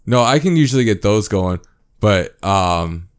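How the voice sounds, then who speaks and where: A man's voice: on the low side, lively intonation, measured pace. A man co-hosting a casual podcast chat, rambling with many restarts and getting worked up when frustrated.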